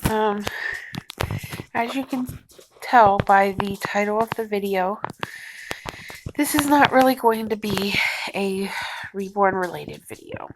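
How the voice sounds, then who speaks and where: A young woman speaks slowly and gently, often dropping to a near whisper. She pauses and restarts as she tries to hold back tears. A faint noise sits under her voice indoors. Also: mid-range voice. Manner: soft, halting, on the verge of tears. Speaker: vlogger. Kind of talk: emotional personal vlog. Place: a house, indoors.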